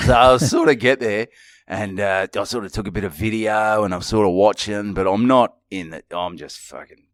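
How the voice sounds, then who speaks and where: A man's voice: lowish voice, moderate pace, no room sound, clean studio sound. A middle-aged Australian man telling a rambling, sweary story on a podcast he co-hosts. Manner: rambling, swearing, animated anecdote. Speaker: podcast co-host. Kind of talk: casual storytelling chat.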